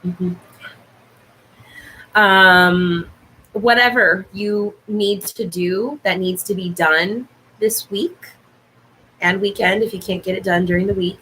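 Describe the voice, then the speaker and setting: A woman's voice: mid-range voice, fairly even intonation, slow, long pauses, bright, forceful tone, a little hiss or hum, low-quality recording. A woman hosting a casual livestream from home into a laptop mic, playful and laughing often, swearing freely. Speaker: online show host. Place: home room.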